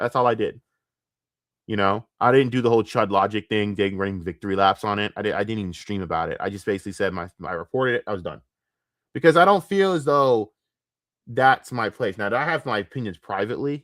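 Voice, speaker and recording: A man's voice: fairly low pitch, a bit bright, dry recording, clean studio sound. Profane, exasperated male streamer ranting. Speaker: commentary streamer.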